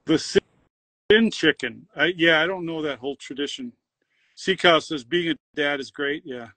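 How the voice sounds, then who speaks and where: Give me a middle-aged male host reading comments aloud, bright-toned and dry. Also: a little high, a little slow, dry recording. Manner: upbeat, reads viewer comments aloud. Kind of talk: livestream chat, reading comments.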